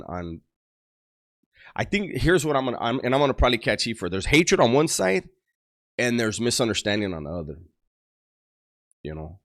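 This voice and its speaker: A man telling street and prison stories in casual slang, full of restarts and gruff quoted voices. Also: mid-range voice, fairly bright tone. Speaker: storyteller on a channel. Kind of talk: casual storytelling.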